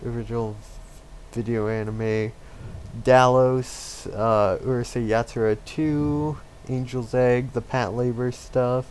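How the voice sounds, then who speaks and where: A man's voice: mid-range voice, fairly even intonation, slow, darkish tone, slight background noise. A man co-hosting a casual podcast chat, rambling in a laid-back way with fillers and laughs. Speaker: podcast co-host.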